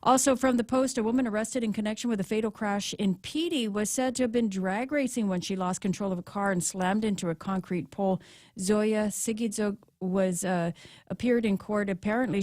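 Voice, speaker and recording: A woman reading the news headlines on a morning show, in a steady, matter-of-fact way with a few fillers. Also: mid-range voice, no echo, clean studio sound. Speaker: news reader.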